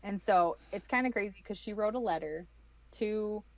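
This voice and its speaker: A woman, telling her own story as an interview guest, animated and full of fillers. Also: medium pitch, moderate pace, no echo. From United States. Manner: animated, acts out quoted voices, many fillers.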